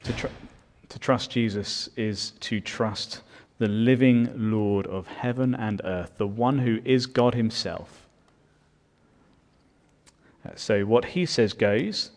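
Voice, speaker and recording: A man's voice: on the low side, takes it slowly. A man preaching a sermon as pastor, earnest and building in volume on his key points.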